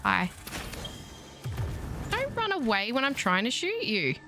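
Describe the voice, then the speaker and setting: A woman's voice: a little high, wildly swooping pitch, slow, pushed and bright, faint music behind. A woman with an Australian accent giving chatty, playful, self-mocking commentary while streaming a video game. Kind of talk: casual let's-play commentary.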